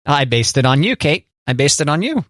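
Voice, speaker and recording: A man's voice: on the high side, big pitch swings, fairly quick, a bit bright, no echo, studio quality. A man co-hosting a casual chat show, jokey and teasing, often asking his co-host questions. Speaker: podcast co-host.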